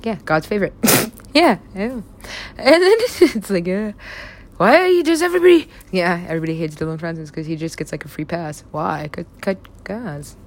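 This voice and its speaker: Young woman, kinda low voice, giggles a lot, rambly casual chat about her own stories. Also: expressive, moderate pace. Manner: giggly, laughs often, swears casually.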